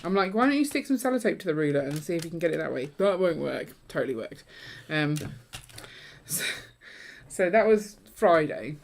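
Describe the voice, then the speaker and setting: Woman co-host, low-pitched, chatty and quick to laugh, light noise. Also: expressive, gravelly. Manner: chatty, storytelling, laughs easily. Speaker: co-host of a Lego build livestream. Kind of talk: casual chat while building.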